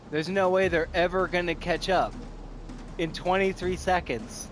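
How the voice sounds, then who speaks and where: A man talking through his own gameplay in an unhurried, casual voice that sits a bit high. He thinks aloud and keeps repeating excited exclamations, with faint music underneath. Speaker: gaming video host.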